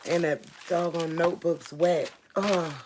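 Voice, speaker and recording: A woman reading Bible verses aloud with solemn emphasis, pausing to talk casually and excitedly to her viewers. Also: fairly low pitch, noisy background. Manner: reads scripture slowly and solemnly, breaking off to talk to viewers. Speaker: religious video host. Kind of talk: informal Bible reading and commentary.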